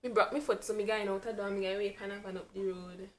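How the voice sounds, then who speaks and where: A woman's voice: medium pitch, fairly even intonation, fast talker, slight background noise, lightly acted. A woman putting on a Jamaican accent, rambling through a laughing story. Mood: joking.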